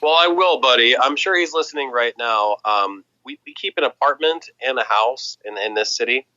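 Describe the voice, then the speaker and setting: An American man chatting casually on a stream, animated and quoting others in put-on voices. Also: medium pitch, normal speed, dry recording, dull audio. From United States. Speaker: guest streamer. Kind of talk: casual chat.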